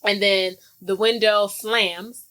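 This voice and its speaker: A woman co-hosting a podcast, casually retelling a film's plot in slang-filled, animated chat. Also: mid-range voice, takes it slowly. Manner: animated storytelling with acted-out quotes. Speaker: podcast co-host. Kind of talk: casual movie recap chat.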